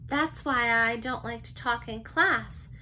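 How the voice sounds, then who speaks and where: A woman voicing a shy young schoolgirl who speaks softly and earnestly in a storybook reading. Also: on the high side, takes it slowly, slight background noise. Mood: confiding. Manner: soft, gentle.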